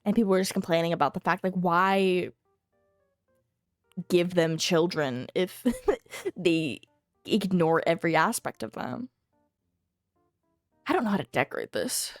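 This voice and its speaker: A woman's voice: fairly low pitch, measured pace, pauses often, no echo. Young woman streamer, rambling and thinking aloud, dry close sound, faint music behind. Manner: thinks aloud, rambling, hums and giggles to herself. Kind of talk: casual live-stream chatter while playing.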